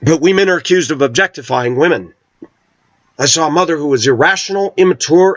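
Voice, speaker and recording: A man's voice: on the high side, brisk, no room sound, highs cut off. A middle-aged man vlogging an opinionated monologue, talking with intensity and hard emphasis.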